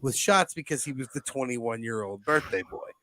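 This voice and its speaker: A man's voice: medium pitch, lively intonation, normal speed, crowd noise. A young man co-hosting a podcast, telling a story in casual chat, swearing freely and jumping into quoted voices. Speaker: podcast co-host.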